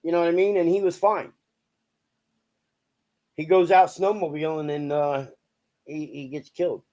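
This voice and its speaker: A man's voice: a little high, steady tone, normal speed, warm tone, dull audio. A young adult man talking casually to viewers, swearing a lot, joking and rambling with many fillers. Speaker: vlogger.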